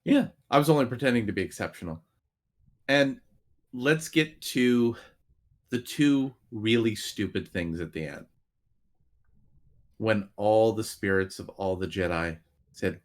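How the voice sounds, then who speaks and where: A man co-hosting a casual podcast chat, sarcastic and mocking as he picks apart a movie. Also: on the low side. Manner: sarcastic, animated, mocks scenes with quick voice shifts. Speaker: podcast co-host.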